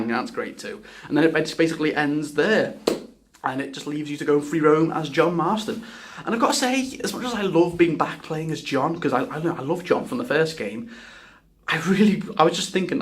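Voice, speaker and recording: A man giving a casual spoken video game review, rambling and enthusiastic, often restarting his sentences and swearing. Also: fairly high pitch.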